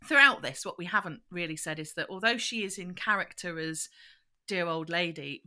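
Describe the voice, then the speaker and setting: Woman co-host, bright and animated, casual recap talk. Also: lowish voice. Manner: animated retelling, bursts into quoted voices. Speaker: podcast co-host. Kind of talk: casual chat recapping a children's show.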